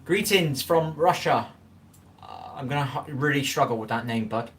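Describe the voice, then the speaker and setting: A man's voice: medium pitch, expressive, normal speed, a bit bright. Chatty man reading livestream comments. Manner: chatty, stumbles over viewer names, folksy advice. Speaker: livestream host. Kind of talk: casual livestream chat reading viewer comments.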